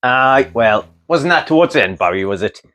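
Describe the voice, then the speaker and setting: With a mid-range, somewhat bright voice, a Geordie builder vlogger talks expressively at a moderate pace. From North East England, he performs a tongue-in-cheek, mock-dramatic monologue to camera, ribbing people and swearing offhandedly.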